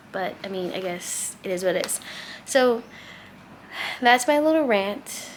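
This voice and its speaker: A woman's voice: medium pitch, measured pace, long pauses, a little hiss or hum. Exasperated woman telling a story. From United States. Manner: animated, exasperated retelling with quoted dialogue. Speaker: travel vlogger. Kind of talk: casual storytime rant.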